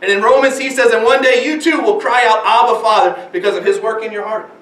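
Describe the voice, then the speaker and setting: A man's voice: high-pitched, fast, a bit bright, reverberant, distant mic. A man preaching a sermon as pastor, earnest, with many rhetorical questions and repeated phrases. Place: church sanctuary.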